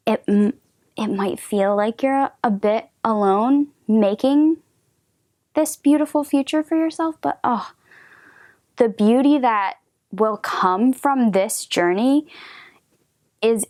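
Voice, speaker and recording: A woman giving a gentle tarot reading, talking softly with hesitant restarts and frequent drops into a whisper. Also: on the high side, takes it slowly, long pauses, no room sound, clean studio sound. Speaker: tarot reader.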